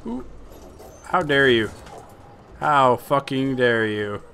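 A young man giving casual, profane, joking commentary over his video game play, flipping between excited shouts and laid-back chatter. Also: medium pitch, slow, slight background noise. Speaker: gameplay commentator.

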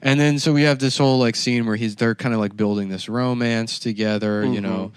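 Brief: male podcast co-host, mid-pitch, smooth resonant tone, dry close sound, rambling comic storyteller who keeps breaking into voices. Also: steady tone, fairly quick, no echo. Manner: rambling, acts out characters in goofy voices. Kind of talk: casual comedic storytelling.

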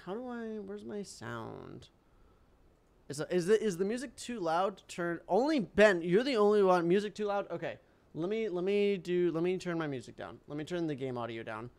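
A man giving casual let's-play commentary as a streamer, excitable and crying out loudly at the game. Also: high-pitched, normal speed, vocal fry. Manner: excitable, yelps and cries out at the game. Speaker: gaming streamer. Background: game music.

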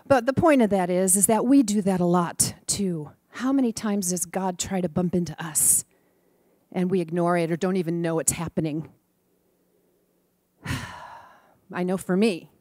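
In a church or center hall, a woman in a preaching class tells a sermon story in a gentle, lowish voice. Her manner is affectionate and soft, turning lively when she quotes children, and the recording is dry.

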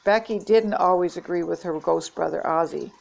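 An older woman reading a children's chapter book aloud in a steady, gentle read-aloud manner. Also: lowish voice, moderate pace, creaky, poor audio. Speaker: storybook reader.

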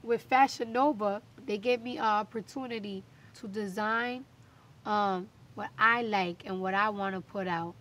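A young woman with a New York accent, chatting as an interview guest, emphatic and animated, with quick bursts of slang. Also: mid-range voice. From New York City. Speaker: interview guest, recording artist. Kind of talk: casual interview chat.

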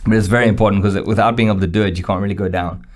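A young man with a fairly low voice tells a story in an easygoing podcast chat. He is animated, acts out the lines of the people in his story, and laughs often. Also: racing. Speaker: podcast co-host.

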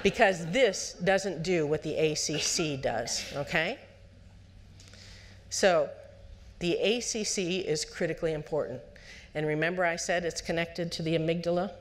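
A woman psychologist giving a lecture to parents at a conference, lively and conversational, putting on the voices of parents and children and asking the audience questions. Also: low voice, slight background noise. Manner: asks the audience direct questions.

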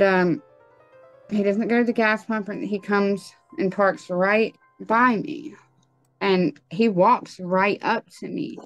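A young woman recounts her personal testimony as an interview guest. She talks in a halting way, full of ums and likes, at a middling pitch. The sound is dry, with faint music underneath. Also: no echo.

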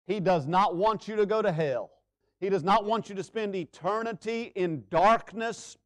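Male pastor, high voice, church sermon; urgent and loud, then hushed and slow for emphasis. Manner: preaching with sweeping swings between loud urgency and hushed emphasis. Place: church sanctuary.

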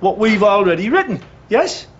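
An actor playing a blunt, boastful working-class builder with a Geordie accent, in a television drama. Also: male voice, high-pitched, sing-song, normal speed, lo-fi sound.

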